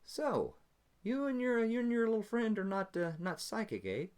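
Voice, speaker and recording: A man's voice: high-pitched, sing-song, normal speed, a little mellow, smooth, pitched above the performer's own voice. A man voicing a suspicious female officer with a dry, mocking manner in a solo tabletop game.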